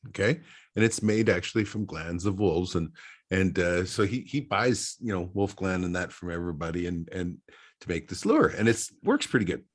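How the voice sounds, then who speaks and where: A man's voice: low-pitched, animated, moderate pace. A man hosting a casual podcast chat, telling rambling stories and laughing at his own punchlines. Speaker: podcast host.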